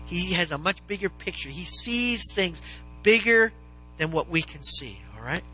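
A man preaching a sermon to his congregation, animated and swinging into loud, dramatized questions. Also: sits high, normal speed, soft background music, rough recording. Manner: animated, rising to near-shouts in dramatized questions. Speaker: pastor. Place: church sanctuary with congregation.

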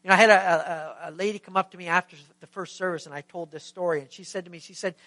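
A man's voice: high voice, fairly even intonation, fast talker, pushed and bright, no echo. A middle-aged male pastor preaching a sermon, telling a story with emphatic, questioning delivery to the congregation.

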